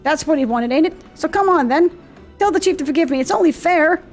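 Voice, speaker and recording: A woman voicing a young man in a video game who begs forgiveness for lying, slipping into a rough accent. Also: sits high, animated, faint music behind, voice pushed up. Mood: wheedling. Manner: pleading, rushed excuses, slips into a rough accent.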